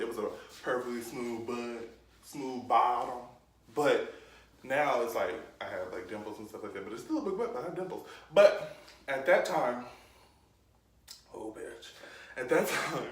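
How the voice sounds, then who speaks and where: Animated laughing storyteller guy. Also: medium pitch. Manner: animated, laughing, acts out the scenes. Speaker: vlogger. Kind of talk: casual storytime. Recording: echoey room, mic at a distance, faint noise.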